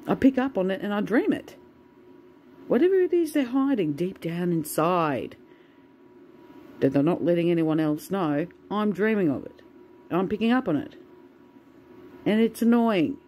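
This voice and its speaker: A woman's voice: lowish voice, dark tone, a little hiss or hum, poor audio. A woman venting in a casual, swear-filled monologue to the camera. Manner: swears a lot, ranting. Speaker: vlogger.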